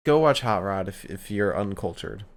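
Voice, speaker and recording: A man's voice: on the low side, expressive, normal speed. A man hosting a podcast, chatting casually, swearing now and then, and reading out listener questions. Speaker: podcast host. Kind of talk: casual chat.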